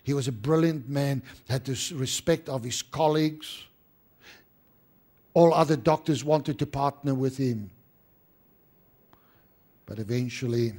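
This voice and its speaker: A man preaching a sermon as pastor, rising to emphatic stress and dropping to hushed tones. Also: medium pitch.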